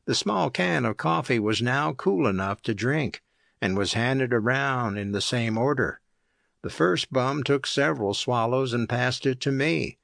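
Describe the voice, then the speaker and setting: A man reading an audiobook aloud as narrator, in a measured, even storytelling manner. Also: medium pitch, creaky, no echo, studio quality. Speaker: audiobook reader.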